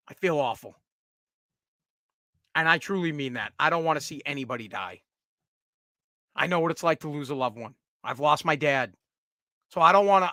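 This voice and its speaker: Brief: a blunt male pundit, forceful and bright, swearing freely. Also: fairly high pitch, dry recording, clean studio sound. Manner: blunt, profane, heated. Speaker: commentator. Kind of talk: opinionated solo commentary.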